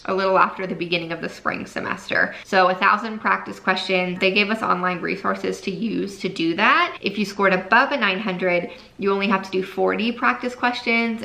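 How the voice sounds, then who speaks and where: A woman's voice: medium pitch, gravelly, sharp tone, rough recording. A woman in her twenties, a nursing student vlogging to camera in a chatty, casual way, full of "like" fillers, at times holding back tears. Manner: chatty, lots of fillers like "like" and "freaking". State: tearful, holding back crying.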